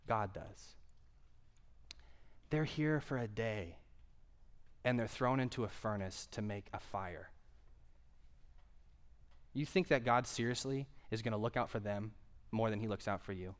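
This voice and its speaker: A man preaching a sermon, earnest and emphatic, with conversational asides to the congregation and swings from quiet to loud. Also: on the low side, unhurried, long pauses. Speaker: pastor.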